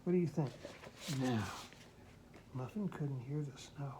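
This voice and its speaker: A woman's voice: very deep voice, unhurried, background noise. A woman reading a children's picture book aloud to a child, mimicking the sounds and asking the listener questions.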